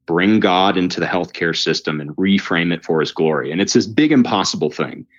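A man telling his story as a guest in casual conversation, animated and fast, with many restarts and "like"s, his pitch jumping up when he relives exciting moments. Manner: quick with frequent restarts and "like". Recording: dull lo-fi recording.

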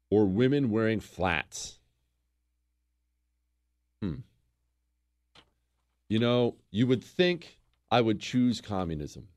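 A man's voice: on the low side, a little mellow. A man hosting a talk show, ranting sarcastically and with emphasis. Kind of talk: opinionated radio talk.

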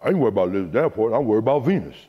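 A man putting on a gruff, blunt father who drawls and repeats himself flatly. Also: fairly low pitch, racing, dull audio. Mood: blunt, insistent. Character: gruff blunt middle-aged father of a tennis star. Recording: long hall reverb.

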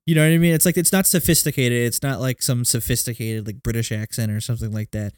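A man's voice: medium pitch, steady tone, quick pace, darkish tone, no room sound, studio quality. A man co-hosting a casual movie podcast, rambling with plenty of filler words. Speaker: podcast co-host. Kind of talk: casual movie-review chat.

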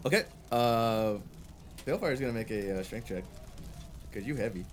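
A man's voice: medium pitch, expressive, moderate pace, a crowd in the background. A man narrating as game master of a tabletop game, casual, with many fillers.

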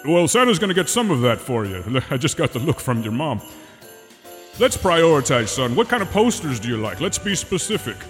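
A man's voice: on the high side, sing-song. Man playing a foul-mouthed, worn-out mall Santa. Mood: rambling. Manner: slow, drawn-out delivery with sudden profane asides. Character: crude, tired male mall Santa. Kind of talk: improvised comedy role-play. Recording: echoey, with faint music behind.

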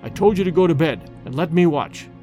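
A man's voice: fairly high pitch, fairly quick, mellow, faint music behind, close to an everyday voice. A man voicing a stern grown son who gives firm, curt orders that allow no argument.

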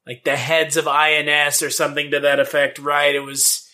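A male podcast co-host with a slightly raised voice and a bright, forward tone. He talks casually, leaning on fillers and hedging as he remembers things. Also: on the high side, monotone, moderate pace. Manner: loose, hedging with many fillers.

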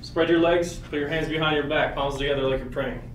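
A man's voice: a little high, fairly even intonation, brisk, echoey room, distant mic, a little hiss or hum, close to an everyday voice, low-quality recording. A man voicing a stern male police officer giving curt commands. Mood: commanding.

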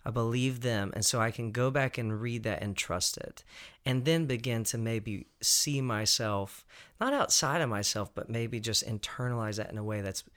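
A man's voice: mid-range voice, moderate pace, a bit bright. Reflective man with a Southern accent. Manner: reflective, laughs easily, searches for words. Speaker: panel guest. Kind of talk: casual panel discussion.

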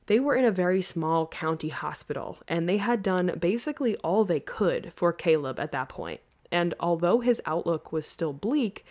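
A woman hosting a podcast, telling a story in a casual, earnest way. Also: fairly low pitch. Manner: earnest, lively, laughs easily. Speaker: podcast host.

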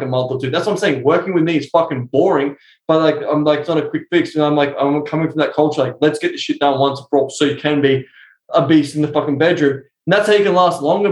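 A young adult man speaking as a coach in a casual podcast interview, swearing constantly as he tells animated stories. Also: on the high side. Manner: profane, animated storytelling. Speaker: sex and intimacy coach, guest. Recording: roomy echo.

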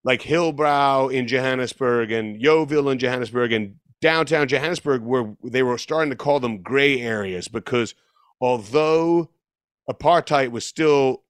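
A man's voice: medium pitch, moderate pace, clean tone, no room sound, clean studio sound. A man in his fifties telling a long story in casual conversation, rambling and correcting himself, laughing as he goes. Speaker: guest musician.

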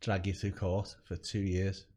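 A man's voice: low-pitched, a little slow. A man hosting a podcast, chatting casually, joking and laughing often. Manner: laughs often, jokey and animated. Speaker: podcast host. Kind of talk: casual chat.

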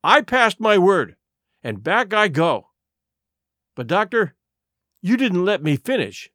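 A man's voice: high voice, very animated, takes it slowly, sharp tone, no room sound, clean studio sound, full character voice. A man doing a resolute young boy. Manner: earnest, firm.

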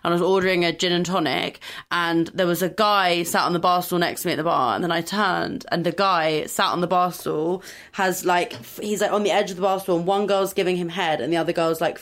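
A woman's voice: fairly low pitch, fairly quick, fairly bright tone. A woman with a London accent hosting a podcast, chatting candidly and laughing often as she tells stories. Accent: London English. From England. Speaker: podcast host. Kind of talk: casual chat and storytelling.

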